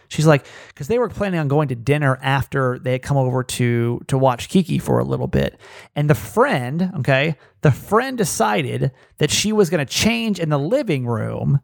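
Gravelly-voiced man telling a wild story. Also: moderate pace, dry recording, studio quality. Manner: animated, acts out quoted dialogue with rising pitch. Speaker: podcast host. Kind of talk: casual storytelling.

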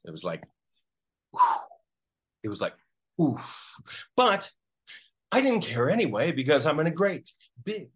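A man, an actor, telling a story casually in an interview, animated and acting out the voices of people he quotes. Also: fairly high pitch, a little fast, slightly rough. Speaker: actor guest.

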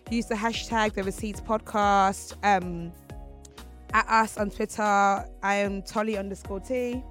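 A woman's voice: medium pitch, steady tone, a little slow, a bit bright, faint music behind. A young woman co-hosting a podcast, chatting casually and playfully and laughing often. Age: young adult. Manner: giggly, playful, runs the sign-off. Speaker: podcast co-host. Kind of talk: casual chat.

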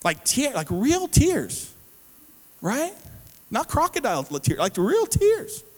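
A man's voice: very high-pitched, wildly swooping pitch, slow pace, in a large hall, low-quality recording. A man preaching a sermon, emphatic and calling out to the congregation. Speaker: pastor.

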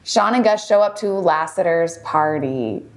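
A woman's voice: lowish voice, lively intonation, unhurried. A woman co-hosting a podcast, chatting casually and recapping an episode with frequent laughs. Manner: bubbly, giggly, recapping. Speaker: podcast co-host. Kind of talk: casual chat.

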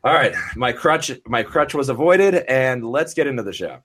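A man's voice: medium pitch, lively intonation, moderate pace, a bit bright. A man hosting a casual sports podcast, chatty with frequent laughter and filler words. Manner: laughs often, many fillers and restarts. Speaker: podcast host.

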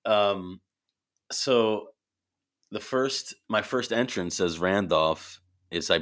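A man, an improv performer and actor, telling animated stories in a casual chat and acting out the voices in them. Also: on the low side, slow pace. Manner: animated, acts out voices in his anecdotes.

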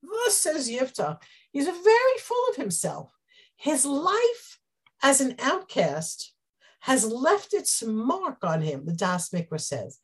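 A woman gives a Bible class, explaining the text and weaving in Hebrew terms. Her voice sits fairly high and rises and falls with real animation, with a breathy, husky grain. She slips into the quoted speakers' lines as she teaches. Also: takes it slowly. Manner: animated, acts out quoted speech.

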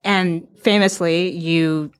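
Female interviewer, very low voice, curious and rambling. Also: fairly even intonation, slow, clear, resonant tone. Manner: curious, hesitant, restarts questions. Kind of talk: casual interview questions.

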